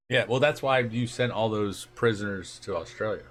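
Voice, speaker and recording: A man's voice: fairly low pitch, normal speed, fairly bright tone, slight background noise. A man hosting a live stream in casual chat, joking and quizzing his guest. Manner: jokey, laughs often. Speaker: stream host.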